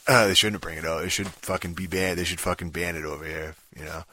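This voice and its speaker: A man's voice: low-pitched, flat delivery, fast, bright, forceful tone. A man ranting casually about a video game, swearing constantly and rambling with lots of fillers and "dude". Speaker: gaming vlogger. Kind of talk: profane casual rant.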